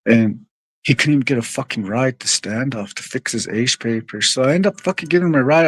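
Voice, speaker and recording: A man's voice: medium pitch, fairly quick, fairly bright tone, dry recording. A man telling a long story to his viewers in a rambling, profane way, often calling out to them as "you guys.". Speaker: livestream host.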